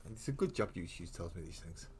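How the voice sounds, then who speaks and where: Low-voiced man rambling through a live stream. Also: animated, quick pace, darkish tone, slight background noise. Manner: rambling, thinks aloud with frequent restarts. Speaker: host of a live miniature-painting stream. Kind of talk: casual live-stream chat.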